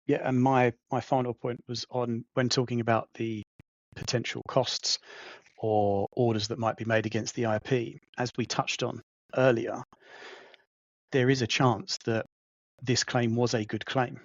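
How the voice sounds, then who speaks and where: A man's voice: medium pitch, flat delivery, unhurried, no room sound. A man on a podcast, explaining his points methodically, recorded on a slightly dull, dry mic. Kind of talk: casual professional discussion.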